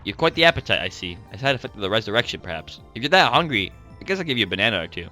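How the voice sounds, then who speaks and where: A man's voice: fairly low pitch, big pitch swings, rapid-fire, bright, forceful tone, faint music behind. A man voicing a bombastic young mad scientist in a game read-aloud, theatrical and gloating. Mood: mocking.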